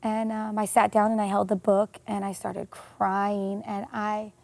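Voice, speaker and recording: A woman telling a painful personal story in an interview, earnest and emotional, with many pauses and fillers. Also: mid-range voice, little pitch movement, vocal fry, darkish tone. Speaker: interview guest.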